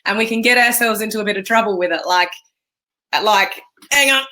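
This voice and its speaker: Bright-voiced Australian woman coach. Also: mid-range voice, fairly quick. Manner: energetic, emphatic, chatty. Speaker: business coach. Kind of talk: live-streamed motivational talk.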